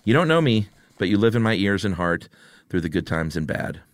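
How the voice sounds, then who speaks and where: A man's voice: lowish voice, big pitch swings, a little fast, no room sound. A man co-hosting a podcast, reading listener messages in a laid-back, amused casual chat. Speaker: podcast co-host.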